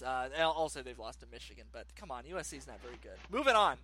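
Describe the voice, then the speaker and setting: A man co-hosting a podcast, chatting casually about sports with animated, ranting opinions. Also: mid-range voice, quick pace. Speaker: podcast co-host.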